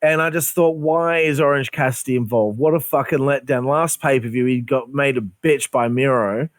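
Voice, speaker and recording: A man's voice: mid-range voice, moderate pace, no room sound, clean studio sound. A man ranting in a casual podcast chat, swearing constantly and sounding exasperated. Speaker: podcast host. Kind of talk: heated casual rant.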